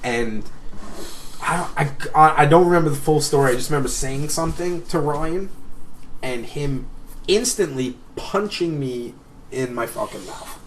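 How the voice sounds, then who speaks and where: A man's voice: fairly high pitch, lively intonation, a little slow. A man in his thirties, a tattoo artist guest, telling rambling, profane stories with frequent laughter in casual chat. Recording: distant mic with crowd noise.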